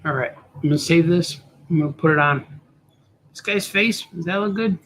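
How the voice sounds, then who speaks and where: Drawing live on stream, this middle-aged male cartoonist talks casually, mumbling to himself, letting sentences trail away, and speaking to viewers. His voice sits on the high side with a fairly bright tone at a normal speed, and there's slight background noise.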